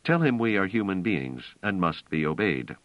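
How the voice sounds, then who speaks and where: A man's voice: low voice, very animated, normal speed, no echo, lo-fi sound. A man voicing a weary, decisive male leader who gives terse, firm commands in an audiobook.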